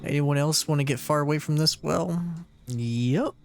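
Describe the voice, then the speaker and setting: A man streaming a game, reading its dialogue aloud slowly and quietly, with playful asides in between. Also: fairly high pitch, gravelly. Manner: slow and subdued when reading, with playful asides. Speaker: let's play streamer.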